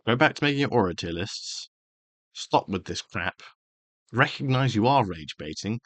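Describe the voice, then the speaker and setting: A man's voice: fairly low pitch, animated, moderate pace, fairly bright tone, dry recording. A man delivering a heated, sweary opinion rant as a karate channel host, emphatic throughout.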